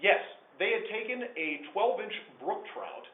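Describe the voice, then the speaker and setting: A man telling a true story to a small group of listeners, animated, swinging between hushed and loud. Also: high-pitched, a little slow. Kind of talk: live personal storytelling to listeners. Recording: echoey room over a tinny phone-like line.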